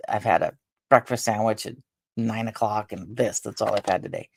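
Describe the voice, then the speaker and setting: A woman hosting a casual live stream, rambling along with halting restarts and fillers, sounding tired and drained. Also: extremely low pitch, gravelly, no room sound, clean studio sound. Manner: meandering, halting talk with many restarts and fillers. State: tired and drained after a stressful day. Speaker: livestream host.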